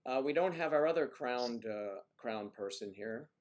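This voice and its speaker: An American man hosting a casual livestream, rambling and often clearing his throat while he fiddles with the audio. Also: medium pitch, animated, moderate pace. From United States. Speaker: livestream host.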